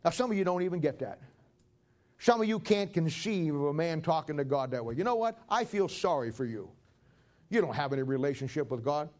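A man's voice: on the high side, fairly quick, a little mellow. A man preaching a folksy, conversational sermon and acting out Bible stories.

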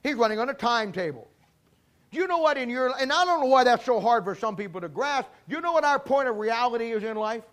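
A man's voice: very high voice, animated, fast, hardly any pauses, a bit bright. A man preaching a sermon in a folksy storytelling way, acting out little dialogues. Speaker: pastor.

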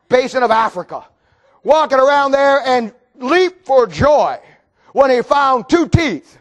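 A man with a very high voice preaches with mocking, sarcastic asides. He swings into fervent shouting at the congregation. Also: expressive, measured pace. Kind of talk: sermon.

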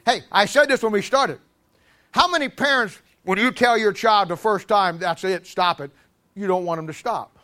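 A man preaching a sermon in an animated, humorous way, stammering restarts and acting out little scenes. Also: high voice, moderate pace.

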